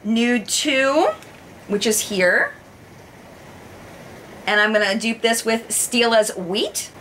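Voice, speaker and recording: Woman beauty vlogger, bright voice, slightly high, gushing makeup review, faint background hiss. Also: slow, long pauses. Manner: bubbly, gushing, exclaims in excitement.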